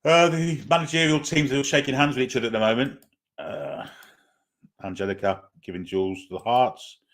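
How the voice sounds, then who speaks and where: A man's mid-range, fairly bright voice keeps a steady tone at a moderate pace. As host of a live football watchalong, he chats casually before the match, reads out viewer comments and then responds, with frequent fillers and hesitations.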